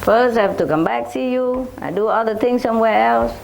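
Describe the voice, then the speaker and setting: A woman's voice: fairly high pitch, a little fast, vocal fry, a little mellow, slight background noise. A woman spiritual teacher telling chatty anecdotes to her followers in simple, loose English. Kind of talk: informal talk to followers.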